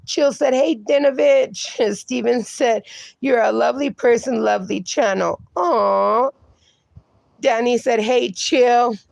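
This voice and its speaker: Woman host, casual stream chat, slightly high voice with gravel, swears freely. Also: a little slow, a little mellow, no echo. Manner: chatty, swears casually, reads viewer comments aloud. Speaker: livestream host reading chat.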